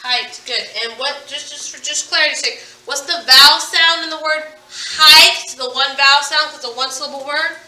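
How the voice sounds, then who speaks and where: Pitched high and sounding pushed and bright, a woman leads a phonics lesson at a moderate pace with fairly even intonation and few pauses. She stresses and stretches each word's target sounds in a playful way. The room echoes and she's distant from the mic.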